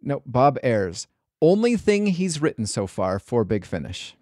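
A man's voice: medium pitch, big pitch swings, measured pace, dark tone, no echo, studio quality. A man hosting a podcast, chatting casually in a rambling way, full of restarts and hedges. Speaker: podcast host.

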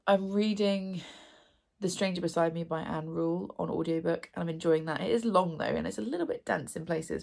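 Tired girl vlogging about books, raspy gravelly voice a bit low, chatty and giggly. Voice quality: gravelly, husky voice. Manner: chatty and excitable, laughing often. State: tired and hoarse. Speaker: booktube vlogger. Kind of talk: casual chat to camera.

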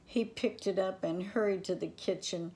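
An older woman reading a children's storybook aloud, gentle and affectionate. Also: mid-range voice, fairly even intonation, normal speed.

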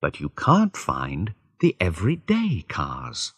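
Slow, husky male storyteller. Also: deep voice, huge pitch swings, a bit bright. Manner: deliberate, clearly spaced phrasing. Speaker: reader. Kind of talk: slow graded-reader story narration for learners.

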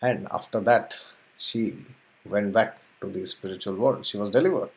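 A man's voice: fairly low pitch, normal speed. Chuckling man retelling a scripture tale. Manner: chuckles often, animated retelling with acted quotes. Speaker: spiritual teacher. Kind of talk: storytelling lesson on scripture.

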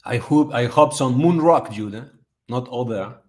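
A young man hosting a casual livestream in English, which is not his first language. He talks slowly, with lots of ums and repeated words. He hypes up the chat with loud bursts. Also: medium pitch. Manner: hyped, repetitive, lots of fillers. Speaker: livestream host.

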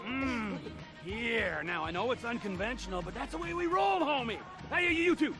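A man's voice: very high-pitched, expressive, moderate pace, music in the background. An actor voicing a brash, scheming male criminal in a video game, sly and swaggering.

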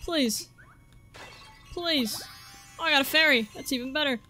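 A young woman commentating her own game playthrough, excitable and swearing freely, reading the on-screen text aloud. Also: sits high, rapid-fire. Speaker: gaming channel host. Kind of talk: let's-play commentary. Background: faint game music.

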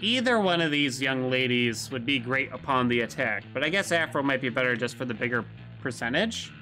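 A man's voice: mid-range voice, lively intonation, a little fast, sharp tone, soft background music. A man streaming a video game, chatting casually and rambling with jokes to his chat as he plays. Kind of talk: casual gameplay commentary.

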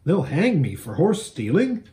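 A man's voice: a little high, wildly swooping pitch, measured pace, warm tone. A man voicing a curious, nervous young boy in a storybook reading, asking eager, anxious questions. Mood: pleading.

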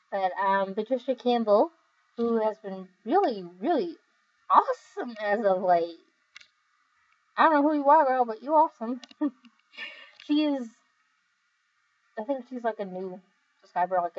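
A tired young woman reading viewer comments in a casual, rambling chat, giggling often and filling pauses with "um" and "like". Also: medium pitch, lo-fi sound. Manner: giggly, rambling, with many fillers. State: overly tired. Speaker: video creator reading comments.

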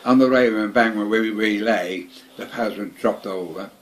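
An older man speaks in a rather low, gruff tone, telling his story at home in a loose, meandering way. He swears constantly and keeps repeating words. Faint household ambience sits behind him. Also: fairly quick, slight background noise. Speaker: veteran interviewee. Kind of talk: casual reminiscing.

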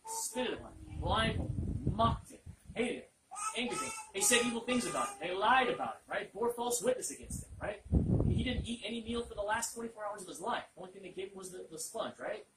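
A man with a high, lively, brisk voice leads an interactive Bible lesson, asking listeners questions and repeating their answers back. The recording is echoey, with a distant mic and loud noise.

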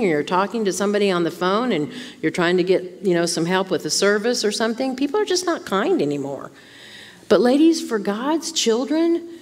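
A woman gives an informal teaching sermon to a room of women, checking in with frequent rhetorical questions. Her voice sits in a middle register. A long hall reverb trails her words in the church. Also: medium pitch. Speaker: Bible teacher at a women's conference. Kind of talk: conversational sermon.

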